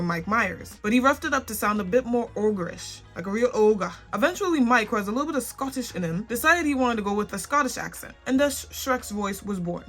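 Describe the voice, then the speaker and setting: A young woman rattles through a numbered list at a quick clip, hosting her own casual facts video. She keeps it chatty and drops dry asides along the way. Soft music sits faintly underneath. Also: mid-range voice. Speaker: host.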